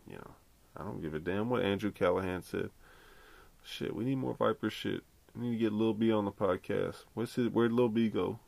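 Low gravelly dude rambling and cussing through his podcast, real dry close sound. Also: dry recording. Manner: loose, rambling and profane, laughing at his own stories. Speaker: podcast host. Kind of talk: casual solo podcast chat.

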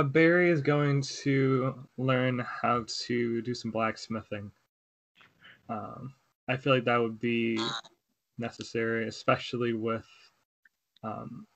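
A man's voice: medium pitch, a bit bright, dry recording, highs cut off. Sex: man. Role: tabletop game player. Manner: hesitant, uses fillers. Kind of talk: casual game table chat.

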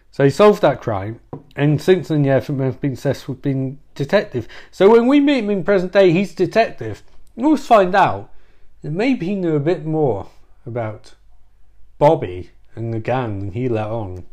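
A man's voice: medium pitch, darkish tone. A man hosting a podcast, talking through a rambling comedic monologue with self-interruptions, swearing and asides. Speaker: podcast host.

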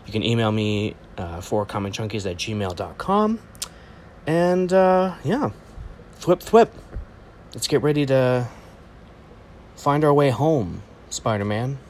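Rambling, excitable man reacting to a trailer. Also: medium pitch, unhurried, a little hiss or hum. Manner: rambling and excitable, jokey asides, many fillers. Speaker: host of a comics channel. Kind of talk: casual trailer reaction commentary.

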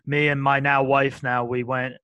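A man in a casual sports chat, telling stories in an excitable way. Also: medium pitch, normal speed, clean tone, no echo. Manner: excitable storyteller.

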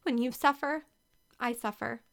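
A woman voicing an eager, girly teenage twin who gushes excitedly, in a storybook reading. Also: on the high side, a little slow, creaky, pitched above the performer's own voice. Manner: gushing, excitable.

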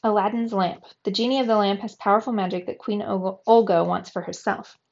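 A woman's voice: mid-range voice, fairly even intonation, brisk, creaky, darkish tone, natural voice. A woman reading aloud, voicing an earnest, modest teenage hero boy from a storybook, on a slightly muffled recording.

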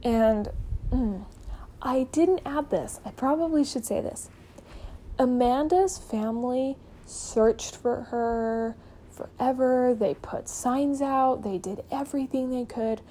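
A woman's voice: high-pitched, takes it slowly, warm tone, a little hiss or hum, rough recording. A woman hosting a podcast, retelling a true-crime case in a casual, chatty way full of "like" and "um", acting out the people she quotes. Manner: chatty, peppered with "like" and "um". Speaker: podcast host.

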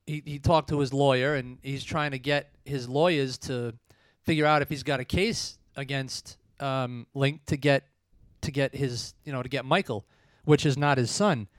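A man's voice: mid-range voice, fairly even intonation, normal speed, hardly any pauses, no echo. A man hosting a casual movie review chat, retelling the plot in a chatty way and laughing often. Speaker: podcast host.

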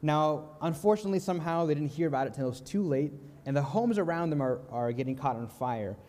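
Young male preacher, slightly high, mellow tone, calm and earnest, softens on key lines, reverberant sanctuary. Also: fast talker. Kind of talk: sermon with storytelling. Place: church sanctuary.

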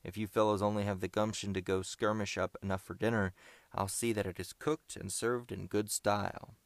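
A man's voice: lowish voice, flat delivery, a little fast, no echo, natural voice. A man voicing a practical, matter-of-fact teenage boy scout who does the cooking, in an audiobook.

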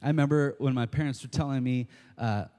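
A man preaching a sermon, telling stories in an animated way, acting out quotes and repeating key lines. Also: mid-range voice, fairly quick. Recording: long hall reverb.

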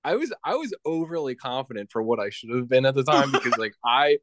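A young man tells a rambling story in casual conversation, breaking into laughter again and again. His voice sits at an ordinary pitch. The sound is close and dry, with no room echo. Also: animated, quick pace, a bit bright. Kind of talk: casual chat.

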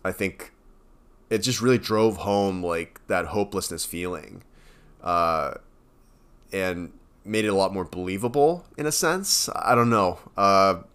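A man's voice: sits low, animated, measured pace, fairly bright tone, smooth. A man co-hosting a podcast, chatting casually with many fillers and self-corrections. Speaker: podcast co-host. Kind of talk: casual chat.

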